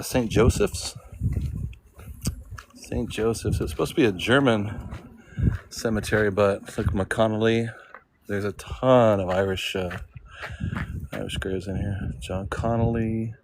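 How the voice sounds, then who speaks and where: A man's voice: lowish voice, slight background noise, rough recording. A man vlogging as he walks through a sunny outdoor cemetery, rambling and thinking aloud, often asking himself questions. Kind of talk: casual walking vlog. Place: outdoor cemetery in full sun.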